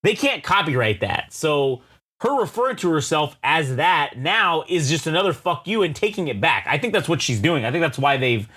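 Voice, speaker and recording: A man's voice: on the high side, big pitch swings, normal speed, sharp tone. A man co-hosting a casual podcast chat, swearing freely and riffing on his opinions. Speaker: podcast co-host.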